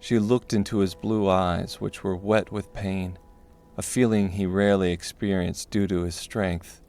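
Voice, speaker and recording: A man narrating a dark fantasy audiobook in a steady, measured way. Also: deep voice, faint music behind.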